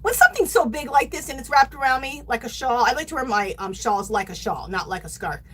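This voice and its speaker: A woman's voice: high-pitched, animated, brisk, a bit bright, breathy edge, poor audio. Gushing, chatty woman yarn host. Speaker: yarn craft livestream host. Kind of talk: casual livestream chat.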